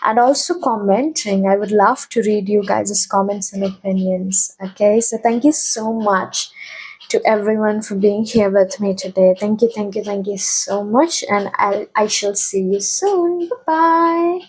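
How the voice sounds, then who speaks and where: A woman's voice: mid-range voice, fairly even intonation, moderate pace, darkish tone, slightly rough, rough recording. A young woman giving a casual tarot reading, chatty and often checking in with her viewers. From India. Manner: chatty, keeps checking in with "okay?". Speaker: tarot reader.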